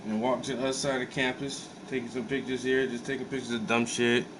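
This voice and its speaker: Dude telling a wild story in aave, relaxed and cussing, bit of hum in the room. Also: male voice, medium pitch, fast. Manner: animated, profane, laid-back storytelling with many fillers. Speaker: host. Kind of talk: casual storytelling.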